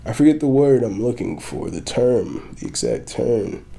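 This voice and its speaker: A man's voice: medium pitch, animated, moderate pace, vocal fry, warm tone, slight background noise. A young man hosting a podcast on his own, rambling and swearing, breaking into laughter often. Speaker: podcast host. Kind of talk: solo podcast rant.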